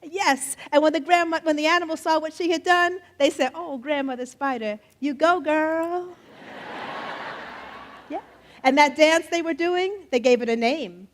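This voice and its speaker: A middle-aged woman telling folktales live in a festival tent, playful and animated, joking with the audience and leading them in refrains. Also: sits high, normal speed, long pauses. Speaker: storyteller. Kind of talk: live storytelling performance. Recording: faint audience crowd behind. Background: faint crowd of listeners.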